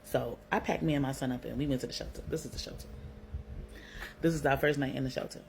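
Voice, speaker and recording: Extremely low in pitch, creaky and darkish, this young woman's voice holds a steady tone at a quick pace. With her Brooklyn New York accent, she bluntly shares a personal story, swearing freely, using slang and saying "like" a lot. The recording is rough, with slight background noise.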